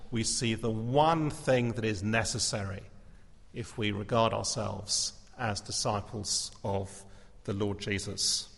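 A man preaching a sermon as the pastor, measured and earnest with touches of gentle humour. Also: fairly low pitch, creaky. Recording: reverberant church hall.

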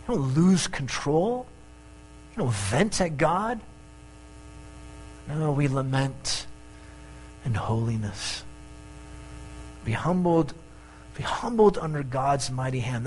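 A male pastor preaching a sermon in an animated way, mixing jokes and asides into his points. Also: on the high side, slight background noise, rough recording.

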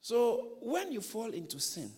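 Male pastor, high bright voice, big pitch swings, animated storytelling sermon, echoey hall. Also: a little slow, husky. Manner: animated storytelling preacher, repeats phrases, questions the congregation. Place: church hall.

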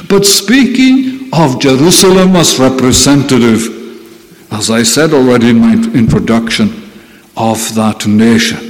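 Slow-preaching man in a reverberant hall. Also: on the high side. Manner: slow, deliberate preaching with emphatic repetition. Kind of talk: sermon.

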